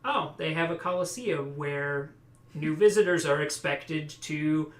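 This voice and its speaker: A man's voice: on the high side, a little slow. A man co-hosting a podcast with a dry, sardonic manner, recalling a campaign as a player. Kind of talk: casual podcast discussion. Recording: roomy echo.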